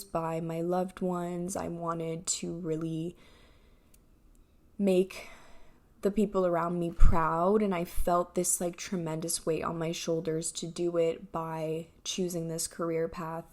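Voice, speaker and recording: A woman in her twenties talking in a reflective personal vlog, soft-spoken and halting with many fillers, emotional and near tears. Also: lowish voice. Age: 20s. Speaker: vlogger.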